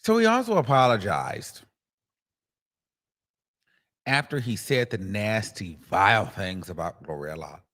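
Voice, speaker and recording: A male commentary host. He talks in an unhurried, easy way, but his voice swings up and down a lot. He is profane and laughs often. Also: on the low side, big pitch swings, fairly bright tone, long reverb tail. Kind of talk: casual commentary.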